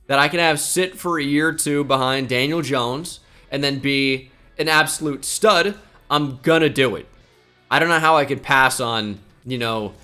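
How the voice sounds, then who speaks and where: Man, gameplay commentary, bright tone, chatty and self-deprecating, faint music behind. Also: mid-range voice. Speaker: gaming YouTuber.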